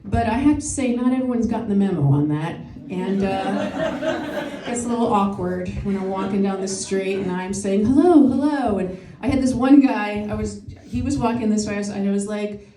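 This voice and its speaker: A woman's voice: mid-range voice, normal speed, hardly any pauses, a crowd in the background. A woman in her forties doing a chatty, self-deprecating stand-up set, laughing at her own jokes, with no microphone at a live show. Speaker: stand-up comedian and emcee. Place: comedy show venue with live audience. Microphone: no microphone, picked up from afar. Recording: echoey room picked up from a distance.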